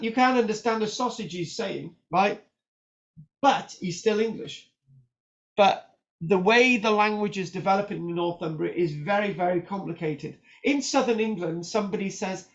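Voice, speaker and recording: A man with a fairly high voice lectures on history in a loose, talkative way. He stumbles over his words, restarts often and keeps asking "right?" The recording is dull and lo-fi. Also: vocal fry. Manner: animated, chatty, frequent restarts and "right?" tags. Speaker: history teacher. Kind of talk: informal lecture with notes on screen.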